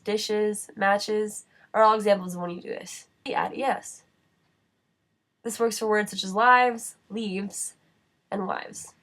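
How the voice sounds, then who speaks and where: A woman narrating a writing-center lesson in a measured, scripted voice-over. Her pitch sits in the middle range. She reads each example word slowly and carefully.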